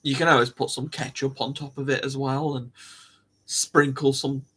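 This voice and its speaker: A man's voice: medium pitch, little pitch movement, moderate pace, fairly bright tone, breathy edge. A man hosting a live stream, rambling and musing aloud to his viewers in casual chat, coughing now and then.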